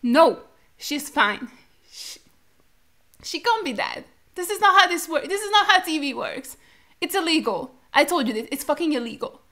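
A woman's voice: high voice, sing-song, normal speed, pushed and bright. A young woman reacting to a show while crying, distraught and pleading in disbelief, swearing now and then. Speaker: reaction video host. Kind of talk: emotional reaction commentary.

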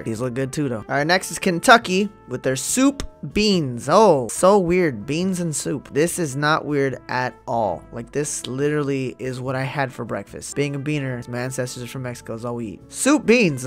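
A man's voice: medium pitch, a bit bright. A man doing casual reaction commentary as a video host, loose and joking, reading items aloud and then riffing on them.

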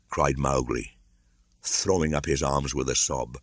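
An older man reading a classic storybook aloud as audiobook narrator, measured and theatrical. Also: extremely low pitch, fairly even intonation, no room sound. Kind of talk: scripted narration.

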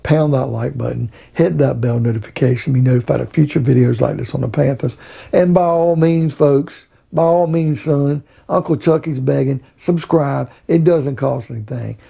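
A man's voice: mid-range voice, moderate pace, creaky, mellow, breathy edge. A middle-aged man hosting his own sports vlog, ranting bluntly and with profanity about his team. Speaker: sports vlogger host.

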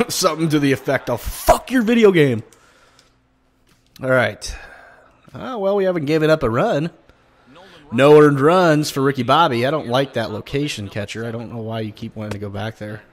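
A man commenting on his own baseball video game play, swearing and flaring up at bad pitches, and talking straight to his viewers. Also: fairly quick. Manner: swearing, frustrated outbursts at the game. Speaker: gaming YouTuber. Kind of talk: gameplay commentary.

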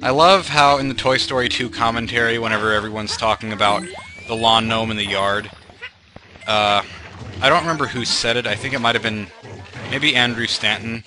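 A young man rambles through a let's play, trailing off into fillers and wandering tangents, poking fun at himself along the way. His voice sits at an ordinary middle pitch. Game music plays clearly underneath. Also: fairly even intonation, normal speed. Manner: meandering, self-deprecating, full of fillers and tangents. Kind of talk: rambling gameplay commentary. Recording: game music playing behind.

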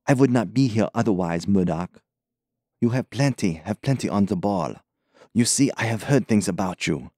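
A man's voice: lowish voice, expressive, normal speed, dry recording, clean studio sound. A man voicing a scornful young man with a foreign accent, urging and mocking in a conspiratorial audiobook scene. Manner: mocking, urgent, forceful.

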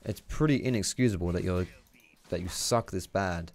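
Chatty gamer, lowish voice. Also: male voice, normal speed. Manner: chatty, excitable, swears freely. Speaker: gaming YouTuber. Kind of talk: live gameplay commentary.

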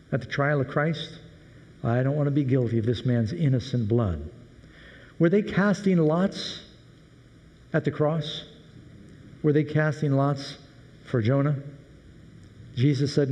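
A man preaching a sermon as a pastor, telling a story with animated shifts of voice. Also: moderate pace. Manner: animated storytelling, voices sailors' questions with rising pitch. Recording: dull lo-fi audio with long hall reverb.

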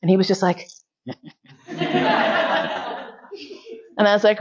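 A woman lecturer telling a candid story in a frank, bawdy and animated way, laughing often. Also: mid-range voice, takes it slowly, slightly rough, lo-fi sound.

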